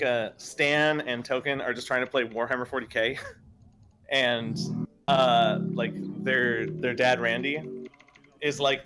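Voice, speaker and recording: A man's voice: mid-range voice, pushed and bright, slight background noise. Hesitant man in casual debate. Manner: hesitant, full of fillers and restarts. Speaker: guest in a stream discussion.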